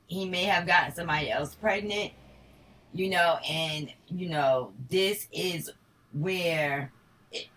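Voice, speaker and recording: A woman's voice: fairly low pitch, fairly bright tone, distant mic, rough recording. A woman from Harlem with a New York accent, giving a casual tarot reading in a blunt, slangy, profane way. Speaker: tarot reader.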